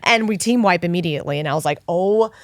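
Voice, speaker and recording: A woman's voice: on the low side, rapid-fire, no echo, studio quality. A woman as a podcast guest, telling stories in casual chat and acting out the other players' voices. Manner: animated storytelling, acts out voices.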